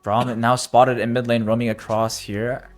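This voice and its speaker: A man doing live play-by-play commentary of an esports match, getting loud and excited during big plays. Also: mid-range voice, normal speed, faint music behind.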